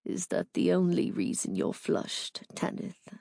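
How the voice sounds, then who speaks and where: A woman voicing a quiet, restrained young British rich man who speaks low, clipped and near a whisper. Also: animated, moderate pace, vocal fry, no echo, studio quality. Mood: hushed.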